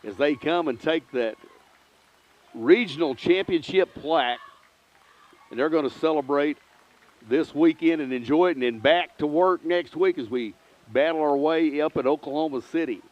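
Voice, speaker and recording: A man commentating a local softball broadcast in a folksy, rambling, proud way, a little out of breath. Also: a little high. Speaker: play-by-play announcer. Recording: dull lo-fi stream audio.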